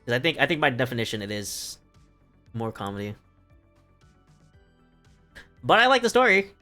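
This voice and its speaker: A man's voice: medium pitch, very animated, normal speed, sharp tone, soft background music. A man recapping a play on a live stream in casual talk, rambling and profane and laughing often.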